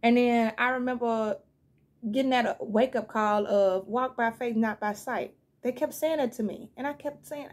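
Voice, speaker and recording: Chatty woman tarot reader, higher voice. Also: moderate pace. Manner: chatty and animated, calls listeners y'all and baby; frank and blunt, swears now and then. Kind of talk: casual tarot reading.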